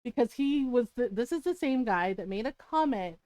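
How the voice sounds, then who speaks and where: A woman's voice: on the high side, lively intonation, normal speed, darkish tone, dry recording. A young adult woman streamer telling a story in a casual, blunt way, swearing freely and laughing between lines.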